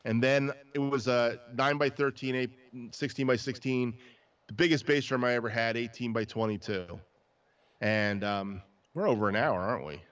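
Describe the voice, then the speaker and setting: A man's voice: medium pitch, moderate pace, a bit bright, clean tone. Rambling man telling drum stories, lo-fi. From New Jersey. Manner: rambling storyteller with many restarts. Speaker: drummer and podcast host. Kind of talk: casual chat about drums. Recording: dull lo-fi livestream audio.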